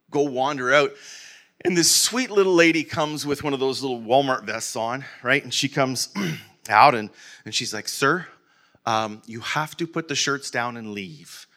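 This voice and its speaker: A man's voice: on the high side, bright, forceful tone. A man casually telling a personal story to his viewers, rambling with lots of restarts and stock fillers. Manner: rambling, repeats "okay, in there" and "and whatnot"; self-deprecating humour, restarts and stammers. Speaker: vlogger.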